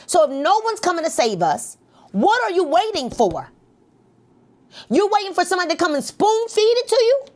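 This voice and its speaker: A middle-aged woman coaching a live motivational session, energetic and leading the group in call-and-response with lots of repetition. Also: high voice. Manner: energetic, repeats phrases for emphasis, leads call-and-response.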